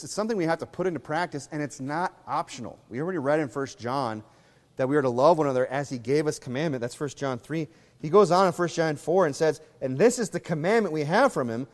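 A pastor delivering a conversational sermon, acting out little scenes in other voices. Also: male voice, on the high side, big-room sound.

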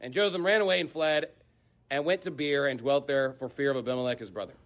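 A man's voice: mid-range voice, quick pace, a bit bright. A man preaching a sermon, emphatic and rhetorical, hammering points with repetition and sarcastic asides. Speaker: pastor.

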